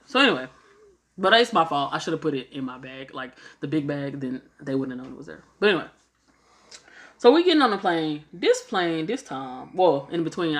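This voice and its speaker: A young woman casually telling a travel story, swearing freely and acting out what people said. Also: low-pitched. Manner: animated, swears freely, acts out quotes.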